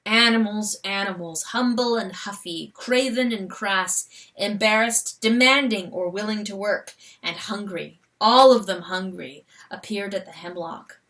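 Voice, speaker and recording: A woman giving an expressive, rhythmic dramatic reading of a storybook. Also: medium pitch, measured pace, recorded from a distance. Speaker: audiobook narrator.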